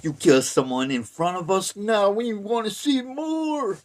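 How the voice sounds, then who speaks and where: Man putting on squeaky gleeful killer cows. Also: unhurried. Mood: triumphant. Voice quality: squeaky, shrill. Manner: cheering, childlike broken speech. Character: gleeful bloodthirsty herd of cows.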